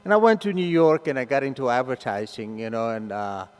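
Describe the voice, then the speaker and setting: A man's voice: mid-range voice, very animated, brisk, clear, resonant tone. A man in his sixties telling his personal story to a meeting audience, with joking, conversational asides. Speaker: speaker at a recovery meeting. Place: meeting hall. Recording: long hall reverb.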